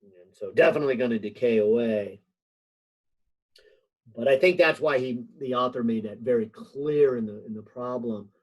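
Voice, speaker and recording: A man's voice: mid-range voice, moderate pace, highs cut off. Man explaining physics over a video call. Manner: thinks aloud with frequent fillers, light joking. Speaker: physics instructor. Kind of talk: online class help session.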